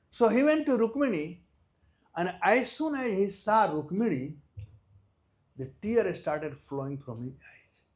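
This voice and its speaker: A man with an Indian accent giving a devotional lecture, telling a story with loud stresses and soft drops and nonstandard English grammar. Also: high-pitched. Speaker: visiting speaker at a temple.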